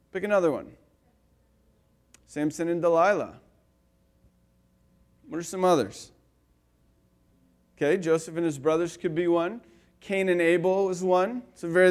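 A male pastor giving a conversational sermon, telling stories with lively swings between loud and quiet and filling his talk with "like" and "you know.". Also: on the high side. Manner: animated storyteller, swinging between loud and soft; casual, with frequent "like" and "you know".

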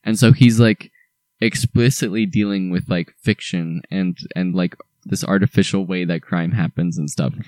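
A man's voice: low-pitched, steady tone, normal speed, darkish tone, dry recording. A young man co-hosting a casual podcast, talking in enthusiastic, rambling bursts with lots of restarts. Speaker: podcast co-host.

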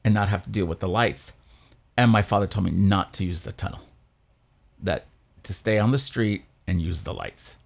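A man, a priest co-hosting a church podcast, telling a childhood story in casual chat with lively quoted voices. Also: moderate pace, vocal fry. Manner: animated storyteller, jumps high for quoted voices.

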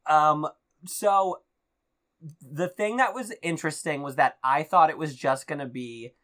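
A man's voice: fairly high pitch, measured pace. Gossipy man in casual chat. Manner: gossipy, many likes and ums, animated storytelling. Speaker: podcast co-host.

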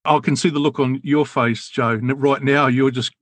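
A man's voice: medium pitch, fairly even intonation, normal speed, fairly bright tone, no room sound. A man speaking as a guest, telling a personal story in a reflective, sometimes emotional way with frequent restarts. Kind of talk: candid personal conversation.

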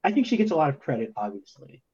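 A man's voice: on the high side, big pitch swings, fast talker, dull audio, crowd noise. A man co-hosting a casual music podcast, laid-back and rambling with lots of filler words. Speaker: podcast co-host. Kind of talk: casual chat.

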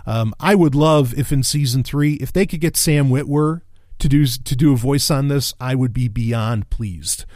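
A man hosting a casual review monologue, excitable and rambling, swearing freely, with many restarts and bursts of laughter. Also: mid-range voice, moderate pace, no echo, studio quality.

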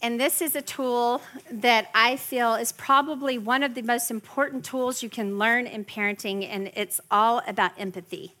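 A woman in her forties giving a lively parenting workshop to a room of parents, often mimicking her kids' whiny voices. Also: fairly high pitch, normal speed, hardly any pauses. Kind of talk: live parenting workshop talk. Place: workshop room with a live audience.

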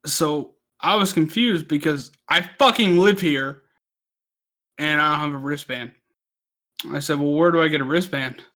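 Bright-voiced drunk storyteller man. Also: on the high side, moderate pace. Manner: profane, rambling, laughs through his own story. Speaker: podcast co-host.

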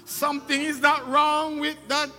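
A man's voice: very high voice, level tone, a little slow, sharp tone. A male pastor preaching a sermon with exclamations, laughter and call-and-response, in a church sanctuary. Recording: long hall reverb, faint music.

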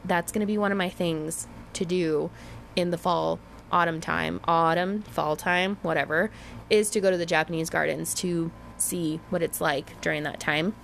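A young woman hosting a podcast in casual chat, animated and talkative, full of "like" and casual swearing, jumping to squealing highs when excited. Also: slight background noise. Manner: chatty and animated, says "like" a lot. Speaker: podcast host.

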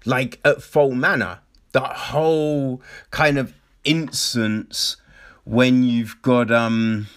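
A man's voice: medium pitch, extremely slow. A man giving a casual, exasperated spoken film review, full of fillers, rhetorical questions and mocking quotes. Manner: animated, exasperated, many fillers and mock quotes.

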